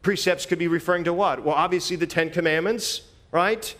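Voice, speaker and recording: A man delivers a sermon in a loose, conversational style, his voice sitting a little higher than most. He preaches with animation, repeating words and phrases as he works through the passage. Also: steady tone, a little fast, fairly bright tone.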